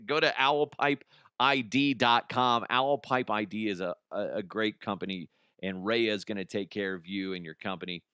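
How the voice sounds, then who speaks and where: A man's voice: lowish voice, moderate pace, sharp tone, smooth, dry recording, clean studio sound. A man hosting a comedy podcast, ranting animatedly with profanity and laughing at his own jokes. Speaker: podcast host.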